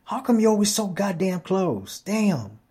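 A man putting on the voice of an angry woman who yells at a young boy, cursing in clipped slang. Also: sits high, very animated, measured pace, slightly rough, pitched above the performer's own voice, heavily acted. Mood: furious. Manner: yelling, profane, clipped slang.

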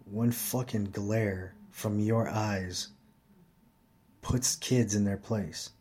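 A man's voice: on the low side, fairly even intonation, very slow, mellow, breathy edge. Tired man telling a profane story. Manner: profane, rambling, plainspoken. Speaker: vlogger. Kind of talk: casual storytelling monologue.

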